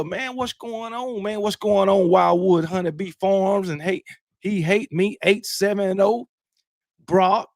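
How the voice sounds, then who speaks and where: This late-night livestreamer has a high, creaky voice captured in a dry, clean studio recording. After bursts of loud hype shouting, he settles into a laid-back, casual reading of viewers' names from the chat.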